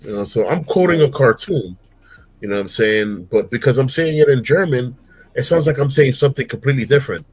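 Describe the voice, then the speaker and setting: A middle-aged man chats on his livestream in a mid-pitched voice. He tells stories in an animated way and now and then jumps into silly, high, put-on voices. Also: brisk, slightly rough. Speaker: streamer host. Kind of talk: casual chat. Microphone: streaming mic.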